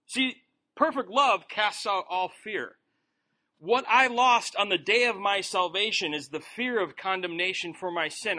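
Folksy high-voiced man preaching. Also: bright, forceful tone. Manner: folksy, joking, conversational. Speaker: Bible study teacher. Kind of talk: informal sermon.

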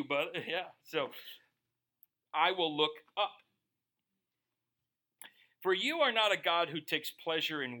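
A man's voice: high-pitched, sharp tone. A middle-aged male pastor preaching a sermon in a conversational, joking way, acting out quoted voices.

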